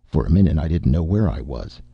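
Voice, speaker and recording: A man's voice: a bass voice, big pitch swings, a little fast, gravelly, breathy edge, no echo. A man reading a first-person story aloud with an intense, brooding delivery. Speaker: narrator. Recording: muffled lo-fi recording.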